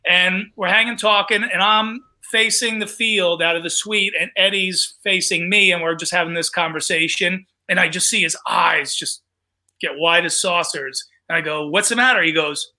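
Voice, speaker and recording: A comedian and show host tells a story in a casual podcast style, his high-pitched voice moving at a moderate pace. He's an animated storyteller who acts out the voices of the people he quotes.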